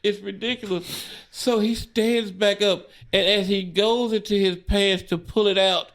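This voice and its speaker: A stand-up comic tells a wild road story with a slightly high voice, swearing freely and breaking into laughter. He slips into quick little impressions of the drunk friend. The talk is loose and animated. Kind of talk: casual storytelling chat.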